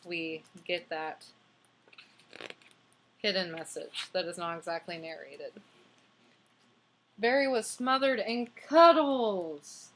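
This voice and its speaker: Young woman, book review, enthusiastic, filler-heavy, lowish voice. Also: fairly bright tone. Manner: enthusiastic, chatty, many fillers. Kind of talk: casual book review and read-aloud.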